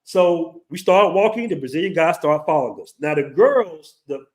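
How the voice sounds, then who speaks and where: Host, man, 40s, slightly high voice, lively casual storyteller who swears. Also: moderate pace. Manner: animated, acts out quoted voices, swears casually.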